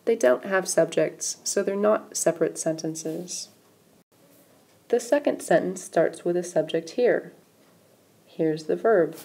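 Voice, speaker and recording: A woman's voice: on the low side, takes it slowly, vocal fry, mellow, breathy edge. A woman teaching a recorded grammar lesson, patiently explaining step by step while pointing at examples on screen. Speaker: English writing teacher.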